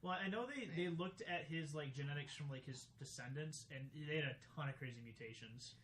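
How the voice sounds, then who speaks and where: Young male co-host, high voice, rambling and unsure, casual chat. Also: fairly quick, noisy background. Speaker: podcast co-host.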